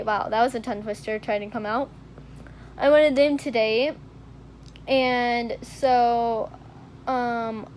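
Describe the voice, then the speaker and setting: A woman's voice: a little high, a little hiss or hum. A teenage girl telling a personal story to camera, rambling with lots of fillers and "like". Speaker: vlogger. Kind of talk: casual storytelling vlog.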